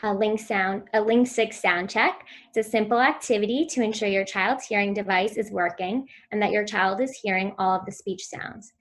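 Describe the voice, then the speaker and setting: Woman calmly explaining speech strategies. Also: mid-range voice, moderate pace, few pauses. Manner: clear instructive delivery, models sounds for children. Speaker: speech therapy presenter. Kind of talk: virtual conference talk.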